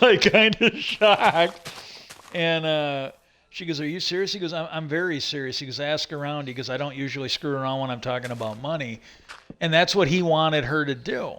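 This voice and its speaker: A man's voice: on the high side, sharp tone. Rambling man retelling a story. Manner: retells stories with many "he goes", frequent restarts and fillers. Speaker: livestream host. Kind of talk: rambling casual monologue.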